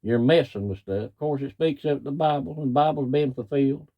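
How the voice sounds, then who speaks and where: A man's voice: medium pitch, fairly quick, muffled recording. A middle-aged man, a cattle farmer ranting in plain, folksy, angry talk. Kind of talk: frustrated rant to camera.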